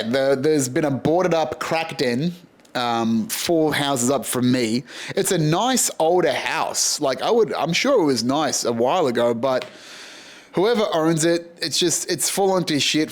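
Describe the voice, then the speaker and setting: An Australian podcast host wanders through a casual, profanity-laced monologue, laughing at his own jokes. His medium-pitched voice is animated, and he keeps a measured pace.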